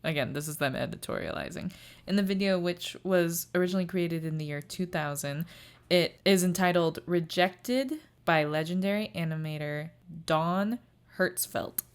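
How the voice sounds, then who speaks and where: A woman co-hosting a laid-back podcast recap, her voice sitting a little low for a woman. She giggles often and drops in short reactions and notes from her research. Her tone stays chatty and easygoing. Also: moderate pace, smooth. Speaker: podcast co-host. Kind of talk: casual recap chat.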